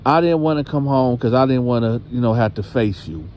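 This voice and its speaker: A man's voice: mid-range voice, brisk, a little mellow, slight background noise, close to an everyday voice. A man voicing a frightened young daughter who stammers and hesitates. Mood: ashamed.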